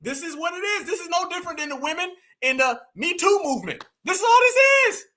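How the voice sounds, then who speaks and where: A man with a very high voice and a sharp, bright edge, running a reaction commentary. He talks to his audience in an emphatic, preachy way and keeps hammering his points home. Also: sing-song, fast. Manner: emphatic, preachy, addresses the audience as "fam" and "y'all". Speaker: online political commentator.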